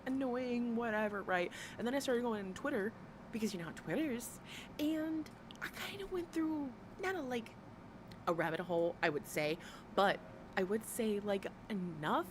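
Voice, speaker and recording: Blunt, profane woman ranting on a livestream. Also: medium pitch. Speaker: livestream host. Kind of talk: ranting gossip commentary. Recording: noisy background.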